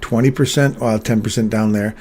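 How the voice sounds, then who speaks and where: A man's voice: on the low side, fairly even intonation, a little fast, a little mellow. Casual man in his fifties streaming trades. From England, raised in Canada. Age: 50s. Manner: casual, talks through chart moves and answers chat. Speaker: trading livestream host. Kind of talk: live trading commentary.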